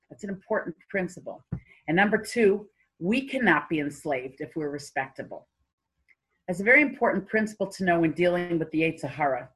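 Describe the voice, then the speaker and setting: A woman's voice: lowish voice, poor audio. A woman giving an informal Torah lecture, telling stories in a conversational way with many fillers and restarts. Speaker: Torah class teacher.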